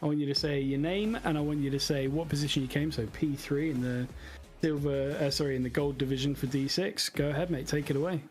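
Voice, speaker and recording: A man's voice: a little high, fairly even intonation, fast talker, darkish tone. A man hosting a racing livestream, interviewing a driver with chatty, friendly banter. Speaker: stream host, interviewer.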